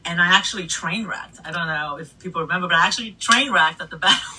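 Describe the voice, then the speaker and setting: A middle-aged woman DJ recounts her stories in an animated, casual way, cursing freely. Her voice is husky and breathy, and she sits a little back from the mic. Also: lowish voice, quick pace. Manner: animated, swears freely, laughs between stories. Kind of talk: casual storytelling interview. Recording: voice a bit distant from the mic.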